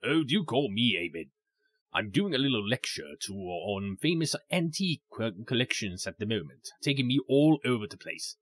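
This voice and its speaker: A man's voice: mid-range voice, sing-song, normal speed. A man voicing a genial, old-fashioned male professor, jovial and a bit posh, reading game dialogue aloud.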